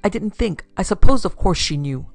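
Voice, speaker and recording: A woman's voice: medium pitch, lively intonation, normal speed, vocal fry, dry recording, faint music behind, pitched above the performer's own voice. A woman voicing a flustered, apologetic young man in a pulp detective story. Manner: flustered, protesting.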